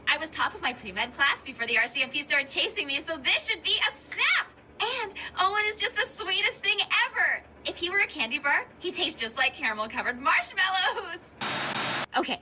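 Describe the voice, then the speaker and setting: A woman's voice: high voice, sharp tone, a little hiss or hum, full character voice. An actress voicing a manic, hyperactive teenage girl contestant in a cartoon, giggling and jumping wildly around in her delivery. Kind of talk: cartoon voice acting.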